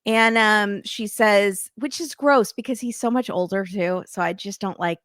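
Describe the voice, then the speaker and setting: A woman's voice: mid-range voice, moderate pace, hardly any pauses, a bit bright, dry recording, studio quality. A woman guest on a casual recap chat, blunt, joking and opinionated. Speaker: podcast guest.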